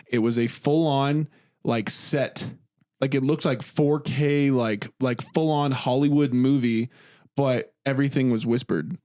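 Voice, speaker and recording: Young male co-host, mid-pitch, dry close sound, lively casual banter. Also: a little slow, dry recording. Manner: animated, laughing, acts out whispered bits. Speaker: podcast co-host. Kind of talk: casual chat.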